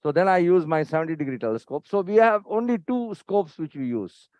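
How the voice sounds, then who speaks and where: A man's voice: high voice, expressive, dry recording. A man teaching a surgery live, checking in with questions and repeating his pointers. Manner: instructive, repeats "see here" and quizzes listeners; brisk and impatient with staff. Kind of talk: live surgical teaching commentary. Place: operating theatre. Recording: dry, dull lo-fi recording.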